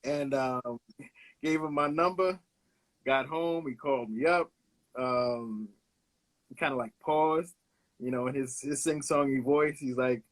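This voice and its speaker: A man's voice: mid-range voice, slow, pauses often, fairly bright tone. Laid-back Brooklyn man telling stories. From Brooklyn, New York. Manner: laid-back, anecdotal, hesitates with "uh", laughs along. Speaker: guest, illustrator. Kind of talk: casual storytelling interview.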